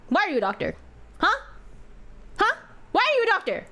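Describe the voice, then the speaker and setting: High, swinging-pitch swearing streamer woman. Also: huge pitch swings, fairly quick, pauses often, pushed and bright, soft background music. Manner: swears heavily, emotional outbursts, reads story text aloud. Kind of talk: game playthrough reaction.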